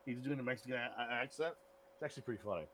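A man's voice: mid-range voice, very fast, fairly bright tone, slight background noise. Male podcast co-host, casual blunt banter, irreverent. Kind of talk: casual chat.

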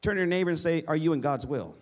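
A man's voice: fairly high pitch, expressive, very fast, darkish tone. A middle-aged man preaching a sermon as pastor, pleading with the congregation and calling for responses.

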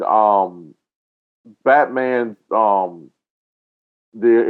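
A man in a casual chat, recounting a scene haltingly and searching for his words. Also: on the low side. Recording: dull lo-fi sound.

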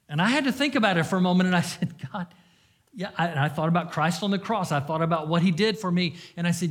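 Male pastor, sermon delivery, slightly high voice, earnest, shifts from forceful peaks to near-whispered moments. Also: animated, quick pace. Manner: earnest, swings between loud emphasis and hushed confession.

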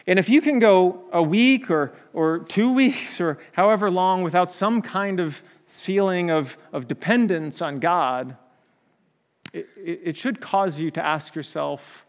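A man's voice: fairly high pitch, measured pace, long reverb tail. A man preaching a conversational sermon, often checking in with "right?" and restarting his sentences.

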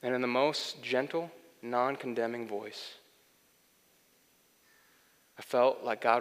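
A young man preaching a sermon, earnest, swinging between loud pleading and soft, intimate delivery. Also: mid-range voice, steady tone, unhurried, long pauses. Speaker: pastor. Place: church hall. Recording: long hall reverb, faint music.

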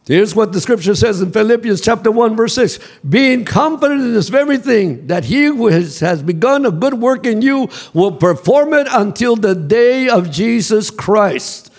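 A male pastor preaching a sermon in a church, calling the congregation to repeat after him and building to shouts. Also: high voice, creaky. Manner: call-and-response preaching, rising to shouts. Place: church sanctuary.

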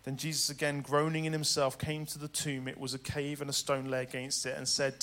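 A man preaching a sermon dramatically, swinging between loud urgency and hushed tenderness. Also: on the high side, level tone, fairly quick, few pauses.

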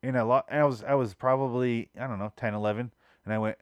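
A man in the middle of a comic podcast story, rambling and profane, getting exasperated as he goes. His voice sits at an ordinary middle pitch. It is recorded close and dry, with no room sound at all. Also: steady tone, fast talker, dry recording. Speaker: podcast host. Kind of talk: casual comedic storytelling.

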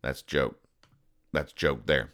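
Deadpan male podcast host, low and bright, smooth delivery, walks through comic strips. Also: takes it slowly. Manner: deadpan, explains each joke. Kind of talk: casual comic-strip recap.

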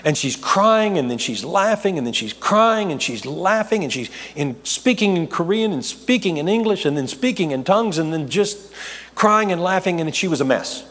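A man's voice: high-pitched, expressive, moderate pace, a bit bright. A middle-aged man, a pastor, telling a long testimony in a sermon, rambling, correcting himself and laughing at his own asides. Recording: long hall reverb.

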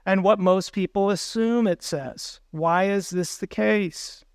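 A man's voice: sits high, slow, clean tone, dry recording. A man preaching a sermon as pastor, earnest, putting questions to the congregation.

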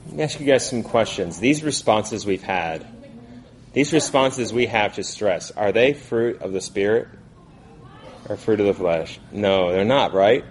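A man's voice: fairly low pitch, lively intonation, a little slow. A man in his thirties teaching a group Bible study in a casual, conversational way, with frequent fillers and restarts.

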